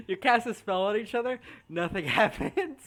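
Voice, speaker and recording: A man's voice: sits high, big pitch swings, normal speed, fairly bright tone. A man narrating as game master of a tabletop game, laughing often.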